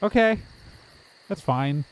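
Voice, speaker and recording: A man's voice: on the high side, animated, slow, smooth, low-quality recording. A man running a tabletop role-playing game as game master, narrating and slipping into a playful sing-song townsperson voice.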